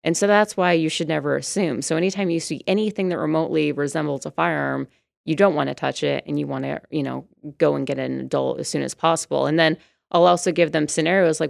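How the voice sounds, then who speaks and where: A woman's voice: low voice, steady tone, fast talker, creaky, dry recording, clean studio sound. A woman, a firearms instructor, answering interview questions in a chatty way with many fillers and restarts. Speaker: firearms instructor and brand ambassador.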